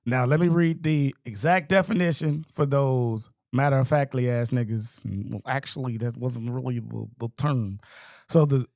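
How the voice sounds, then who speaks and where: A man's voice: mid-range voice, normal speed, darkish tone, no echo, studio quality. A man hosting a casual talk show, reading out a definition and then prompting his guests. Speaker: host. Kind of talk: casual chat.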